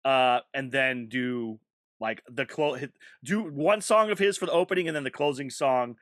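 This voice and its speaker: A man who is a stand-up comedian, chatting casually on a podcast, animated and laughing often with quick asides. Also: mid-range voice, no echo, clean studio sound.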